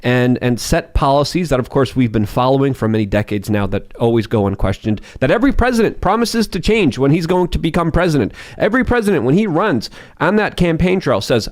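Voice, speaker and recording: A man's voice: medium pitch, big pitch swings, brisk, hardly any pauses, a little mellow. A man on a podcast panel, ranting with conspiratorial certainty about who really holds power. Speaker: podcast guest. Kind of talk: political panel discussion.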